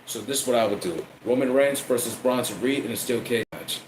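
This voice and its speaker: A wrestling commentator with a medium-pitched voice talks a little fast, barely pausing, in a casual wrestling review. He's profane and rambles, repeating himself, and the echoey room carries a faint air-conditioning hum.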